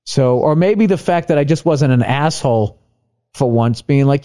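A middle-aged man, a stand-up comedian, telling a story casually on a podcast, profane and animated as he acts out both sides of an argument. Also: fairly high pitch, normal speed.

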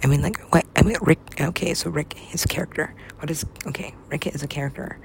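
A woman's voice: low-pitched, a little fast, vocal fry, slight background noise. A woman from the US West Coast in a loose, rambling casual chat, laughing often, swearing freely and slipping into silly voices. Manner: giggly, swears a lot, acts out silly voices.

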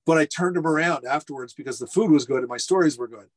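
Middle-aged man, slightly high voice, animated storyteller on a video call from home. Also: fast. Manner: lively anecdotal storyteller, acts out quotes. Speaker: restaurateur guest. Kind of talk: casual storytelling interview. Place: home furnace room.

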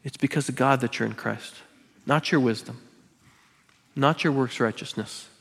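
A man's voice: medium pitch, normal speed, creaky, slightly rough. A man preaching a sermon as pastor, driving points home by repeating phrases and slipping in joking asides. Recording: long hall reverb.

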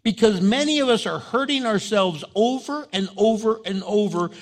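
A man preaching a sermon with passion, rising loud as he urges his listeners and acting out the things people say to themselves. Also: normal speed. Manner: impassioned, voice drops low and soft in prayer, rises loud when exhorting; acts out inner voices and quoted prayers. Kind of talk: sermon with spoken prayer.

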